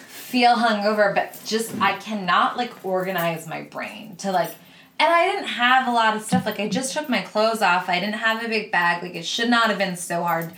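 A woman's voice: mid-range voice, a bit bright. A woman podcast host telling a story in a casual way, laughing often and swearing freely. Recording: roomy echo.

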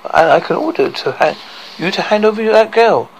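A man's voice: high voice, expressive, normal speed, a little hiss or hum, voice pushed up, low-quality recording. A man doing a smug, commanding king. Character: proud self-crowned male king, smug. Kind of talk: improvised storytelling.

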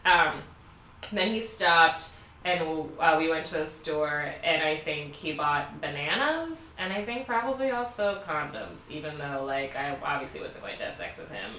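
A woman's voice: sits low, very animated, unhurried, bright, forceful tone, a little hiss or hum. A woman in her twenties co-hosting a podcast, telling a travel story in casual chat, candid and laughing, with lots of fillers. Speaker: podcast co-host. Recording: roomy, a bit far from the mic.

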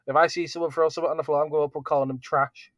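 A man's voice: on the high side, fairly even intonation, racing, no echo, clean studio sound. A man co-hosting a podcast in casual chat, rambling with many fillers. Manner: rambling, laughing, filler-heavy. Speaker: podcast co-host.

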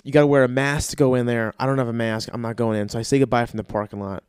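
A man's voice: medium pitch, little pitch movement, rapid-fire, clear, resonant tone, no room sound, clean studio sound. Profane rambling male podcast host. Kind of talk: casual storytelling monologue.

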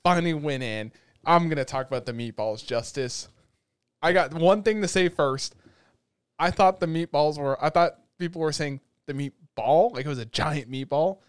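A man co-hosting a podcast, telling a long animated rant in casual chat. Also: fairly high pitch, moderate pace, clear, resonant tone, no echo, studio quality. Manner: animated ranting storyteller. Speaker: podcast co-host.

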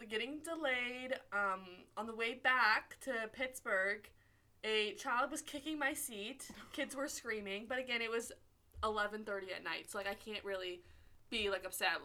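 Young woman co-host, high and bright tone, chatty and animated, acts out quotes. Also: moderate pace. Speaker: podcast co-host. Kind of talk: casual chat.

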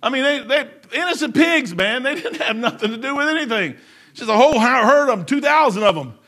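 A man preaching a sermon in a folksy, emphatic way, swinging between loud outbursts and hushed low passages. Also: lively intonation, a little fast.

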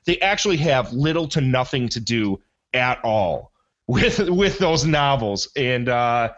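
A man's voice: medium pitch, animated, a little slow, fairly bright tone, muffled recording. A man hosting a movie podcast in casual chat, rambling enthusiastically and often correcting himself mid-sentence. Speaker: podcast host.

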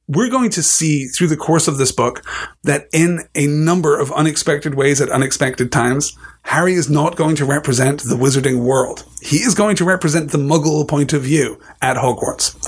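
A man hosting a book discussion, giving measured, thoughtful literary commentary with frequent restarts. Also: fairly high pitch, slightly rough.

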